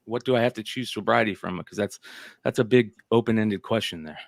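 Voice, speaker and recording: A guest on a casual chat show, a man with a gravelly, fry-heavy voice. He talks in a laid-back, easygoing way. The sound is dry, with no room echo. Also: lowish voice, fairly quick.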